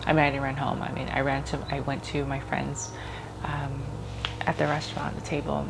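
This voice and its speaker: Low, gravelly-voiced woman telling her story. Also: completely flat delivery, normal speed, heavy background noise. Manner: casual, rambling, lots of filler words. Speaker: host. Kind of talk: personal storytelling.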